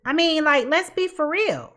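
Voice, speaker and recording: A woman's voice: sits high, lively intonation, a little slow, bright, forceful tone. A woman giving a casual tarot reading in a blunt, sassy way and laughing at her own jokes. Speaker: tarot reader.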